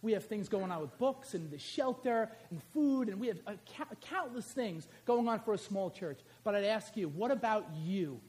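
A middle-aged man preaches in a small church with a high, lively voice. He talks straight to the congregation, swinging from loud calls to action to a quiet, confiding telling of a personal story. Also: moderate pace, hardly any pauses. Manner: animated, conversational, addresses congregation directly. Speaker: pastor and high school teacher.

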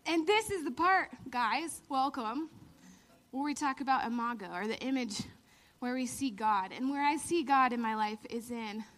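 A woman in her thirties giving a lively storytelling sermon, laughing often and acting out the lines she quotes. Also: high voice, normal speed. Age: 30s. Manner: animated, laughing storyteller who acts out quotes. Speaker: church speaker.

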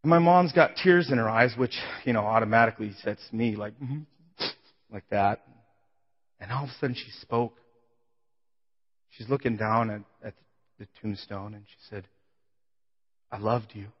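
A man preaching, telling his own story with emotion, his voice swelling loud and falling to a hush. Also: normal speed, pauses often. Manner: emotional testimony, voice swelling then dropping low. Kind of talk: sermon. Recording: dull sound in a big reverberant hall.

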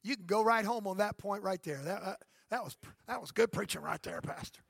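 A man's voice: sits high, fairly quick, gravelly, a bit bright, husky, no room sound. A man in his fifties, a pastor preaching an emphatic sermon and calling out for amens. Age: 50s. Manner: emphatic preaching with calls for amen.

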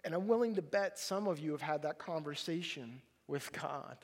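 A middle-aged male pastor preaching a sermon, animated and acting out the voices of people in the story. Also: on the high side, normal speed. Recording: long hall reverb.

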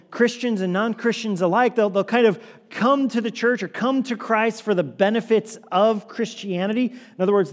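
A man preaching a sermon as pastor, earnest and repetitive, sometimes dropping his voice low and quiet for emphasis. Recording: long hall reverb.

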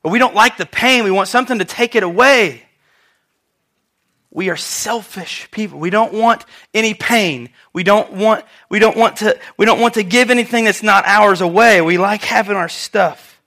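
A man preaching a sermon, telling a story with lively asides and questions to the congregation. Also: high voice, normal speed.

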